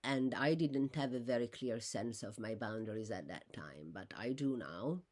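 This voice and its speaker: A woman talking unscripted about her own life, rambling with fillers and restarts, her voice jumping high when she is indignant. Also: lively intonation, moderate pace, darkish tone. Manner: rises sharply in pitch when indignant. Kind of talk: unscripted personal monologue.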